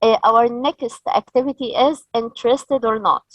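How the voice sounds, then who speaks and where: A woman from Egypt leading a teacher training session, explaining slowly and modelling sounds and intonation patterns. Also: fairly high pitch, fairly even intonation, fairly bright tone, no echo, poor audio.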